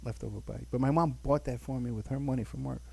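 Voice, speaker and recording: Husky-voiced older man from the Bronx. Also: mid-range voice, fairly even intonation, fast, warm tone. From the Bronx, New York. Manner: rambling, chuckling, full of "you know". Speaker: guest recounting his childhood. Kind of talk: casual storytelling on a podcast.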